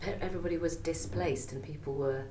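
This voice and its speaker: Woman chatting back and forth, lowish voice, echoey room. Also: steady tone, quick pace, heavy background noise. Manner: chatty, checks facts with partner. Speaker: stage actor. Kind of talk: interview.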